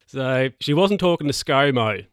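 A man hosts his own podcast and tells a rambling story in a casual, chatty way. His voice sits at an ordinary middle pitch. It comes through a close mic in a dead, dry room with no echo. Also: animated, measured pace, clean tone. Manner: rambling, chatty, self-correcting with laughs. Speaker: podcast host.

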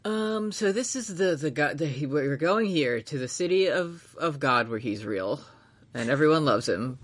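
A man's voice: on the high side, animated, moderate pace. A man co-hosting a casual anime recap podcast, rambling, swearing freely, laughing often and acting out characters' lines. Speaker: podcast co-host.

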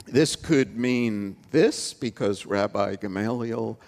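A man's voice: on the low side, slow, vocal fry, darkish tone. A man playing an ancient rabbi who lectures in a sing-song, unsure way. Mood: hedging.

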